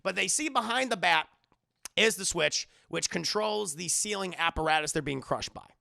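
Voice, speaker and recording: Gravelly, high-voiced man recapping an episode. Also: lively intonation, normal speed, sharp tone. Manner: loose and profane, acting out the scenes. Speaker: show reviewer. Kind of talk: casual streamed episode recap.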